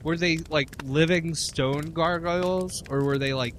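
A man's voice: a little high, steady tone, measured pace, a bit bright. Man, skeptical, poking holes, comedic banter, faint noise.

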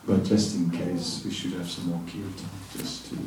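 A man's voice: low-pitched, little pitch movement, moderate pace, few pauses, a little mellow. A man giving a devotional talk, earnest and reassuring, repeating words for emphasis. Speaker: spiritual teacher. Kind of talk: devotional talk answering a question. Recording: echoey room, distant mic, faint noise.

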